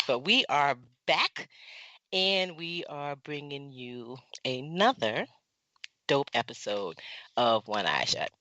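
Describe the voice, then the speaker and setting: A podcast host opening the show and chatting casually, playful and animated. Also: mid-range voice, no room sound, muffled recording. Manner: lively, playful, jumps between loud and soft.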